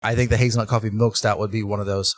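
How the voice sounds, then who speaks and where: A man who owns a brewery, talking in a casual interview and telling animated stories with lots of restarts. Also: lowish voice, very fast, no echo. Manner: animated storytelling with laughs and restarts. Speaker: brewery owner, guest.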